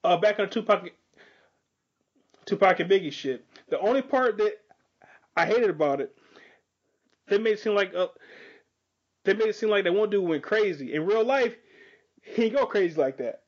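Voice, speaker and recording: A man with a high-set voice, rambling through a casual chat in profane slang full of fillers. The sound is a bit muffled and dull. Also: expressive, moderate pace, pauses often.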